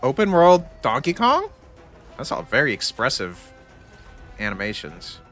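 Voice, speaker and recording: A man's voice: medium pitch, huge pitch swings, measured pace, a bit bright, soft background music. A man streaming his reaction to a game showcase, overexcited and teary, exclaiming and repeating himself. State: teary, says he is in tears. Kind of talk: excited live stream reaction.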